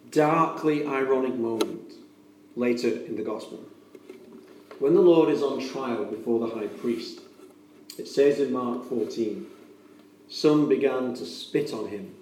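A man's voice: medium pitch, a little mellow, slight background noise. A man preaching a sermon in an earnest, emphatic way, repeating key phrases for weight. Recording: echoey room, voice from a distance.

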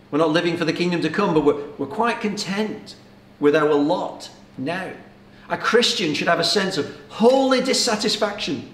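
Man, sermon, earnest and urgent, rhetorical questions, slightly high voice, echoey room. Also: slight background noise. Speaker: preacher.

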